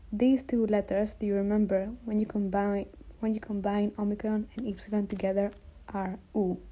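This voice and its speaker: A woman teaching a language lesson, patiently repeating sounds slowly and checking that viewers follow. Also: mid-range voice, dark tone, poor audio. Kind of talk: slow explanatory lesson.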